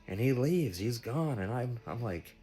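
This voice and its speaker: A man telling the story of a strange dream in a casual, animated way, swearing freely. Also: mid-range voice, unhurried, soft background music. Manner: animated, profane, breathless retelling. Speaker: vlogger recounting a dream.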